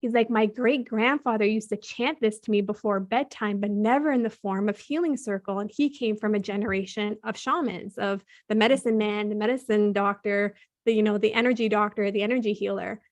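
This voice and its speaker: A woman's voice: mid-range voice, steady tone, fairly quick. A woman telling a personal story as a podcast guest, chatting freely and quoting what she and others said. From Canada. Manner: chatty, frequent "like" fillers, quotes her own and others' words.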